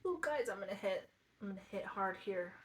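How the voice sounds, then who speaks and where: A woman's voice: mid-range voice, lively intonation. Young woman vlogger, introspective and earnest, talks to camera, thinks aloud, mid-range voice. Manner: soft-spoken and introspective, thinking aloud with pauses; addresses viewers directly and earnestly. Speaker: self-help vlogger. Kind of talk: reflective personal vlog.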